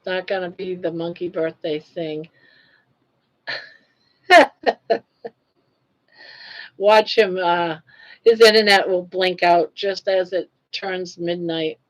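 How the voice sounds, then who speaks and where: With slow delivery and long pauses, an older livestream host keeps things casual, chatty, and teasing, laughing often. By her own account, her singing voice is low and froggy. Sound quality is dull, lo-fi stream audio.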